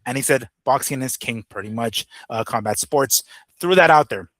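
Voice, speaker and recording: A man's voice: medium pitch, moderate pace, fairly bright tone, no room sound. A man co-hosting a fight news show, talking casually with lots of fillers, restarts and swearing. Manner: rambling, many fillers and restarts. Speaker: boxing show co-host. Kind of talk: casual profane news chat.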